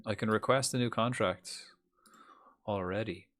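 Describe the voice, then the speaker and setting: A man giving casual, swear-laden commentary while playing a football management game live, reacting loudly to the match. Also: lowish voice, a little slow, rough recording. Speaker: streamer.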